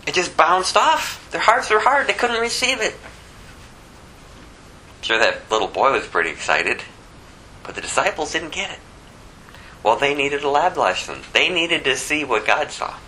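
A man's voice: a little high, very animated, moderate pace, pauses often, bright, forceful tone, a little hiss or hum, poor audio. A man preaching a conversational sermon, asking rhetorical questions and restarting phrases often. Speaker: pastor.

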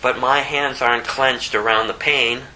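A man's voice: fairly even intonation, normal speed, pushed and bright, slight background noise, low-quality recording. A man preaching a sermon, his voice rising sharply when he gets emphatic. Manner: impassioned, pitch climbing sharply when emphatic.

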